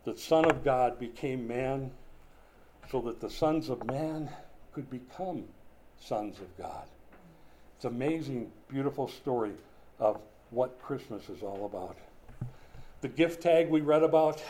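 A man's voice: medium pitch, a little slow, dark tone, slight background noise. An older man preaching a sermon in a conversational, folksy way, with chatty asides and small jokes. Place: room with a whiteboard.

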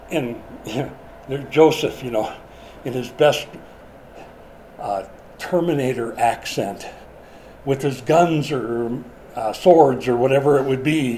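A man's voice: medium pitch, slow, pauses often, dark tone, slight background noise, rough recording. A middle-aged man preaching a sermon in a conversational way, asking the congregation questions as he goes. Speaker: pastor.

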